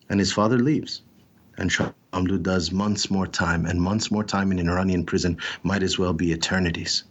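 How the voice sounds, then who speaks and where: A man giving a reflective storytelling talk, intense and dramatic, pausing often with "uh" between phrases. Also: low-pitched, fairly even intonation. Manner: dramatic, intense storyteller with frequent pauses and "uh" fillers. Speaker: speaker telling a story.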